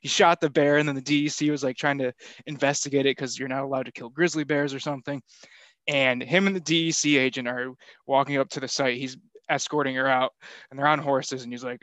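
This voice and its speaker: A man's voice: a little high, fairly even intonation, fairly quick, fairly bright tone, no echo. Crude rambling man on a podcast. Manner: swears a lot, rambling. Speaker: podcast co-host. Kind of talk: crude casual chat.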